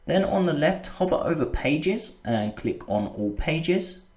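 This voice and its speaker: A man narrating a screen-recorded software tutorial, patiently walking through each step. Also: fairly high pitch, big pitch swings, a little slow, echoey room. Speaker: web design tutor.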